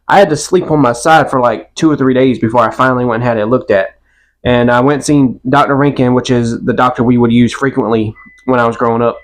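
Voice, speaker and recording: A man, co-hosting a podcast and telling stories in a laid-back, casual chat. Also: mid-range voice. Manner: laid-back storytelling with a Southern "y'all". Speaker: podcast co-host.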